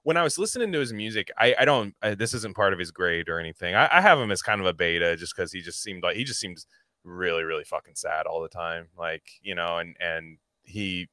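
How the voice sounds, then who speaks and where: A man chatting on a podcast in a rambling, animated way, full of likes and restarts. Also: low-pitched, a little fast, dry recording, clean studio sound. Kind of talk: casual podcast chat.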